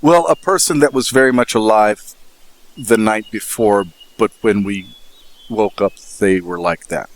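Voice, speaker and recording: A man playing a stammering bookish high elf. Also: a little slow. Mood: matter-of-fact. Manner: stammering, repeating words.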